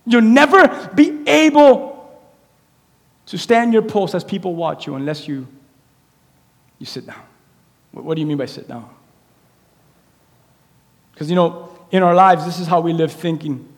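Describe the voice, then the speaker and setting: A pastor preaching a sermon in a church, swinging between quiet, intimate lines and loud, animated appeals. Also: male voice, high-pitched, a little slow, pauses often, big-room sound. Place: church sanctuary.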